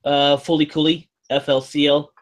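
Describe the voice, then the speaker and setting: A man's voice: fairly high pitch, level tone, moderate pace, rough recording. A man in a casual chat, enthusiastic and playful, slipping into jokey put-on voices.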